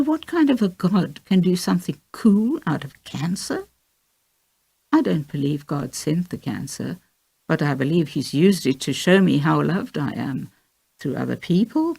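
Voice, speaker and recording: A teary, earnest young woman facing cancer, read by a woman in an audiobook. The voice sits low and dark with a gravelly, husky edge, and it rises and falls a great deal as she speaks. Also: heavily acted. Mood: reflective. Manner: teary, heartfelt. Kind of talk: audiobook reading of a memoir.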